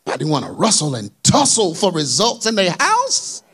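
A man preaching a sermon in a colloquial, animated way, asking the congregation for amens. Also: high voice, moderate pace, husky. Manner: colloquial, dropped verbs and y'all.

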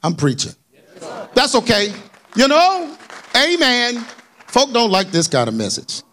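Preacher guy, high and swoopy, folksy sermon talk w/ y'all and amen. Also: measured pace. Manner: animated preaching, calls for amens; colloquial, dropped verbs and y'all.

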